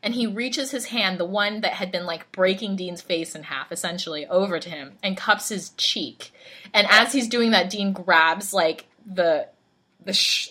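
A woman in casual podcast chat, telling a story with animated energy and acting out lines. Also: mid-range voice, breathy edge. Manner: animated storyteller, acts out quotes, laughs a lot. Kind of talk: casual chat recapping a TV show.

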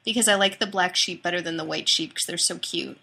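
Bright-voiced Canadian woman chatting. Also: on the low side, quick pace, creaky, husky. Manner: chatty, laughs often. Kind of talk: casual chat between friends.

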